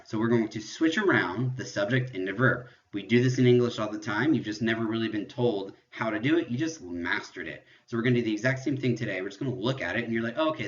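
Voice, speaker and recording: A man's voice: medium pitch, a bit bright, highs cut off. A man teaching a virtual French lesson, explaining step by step and moving between English and French. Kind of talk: virtual classroom lecture.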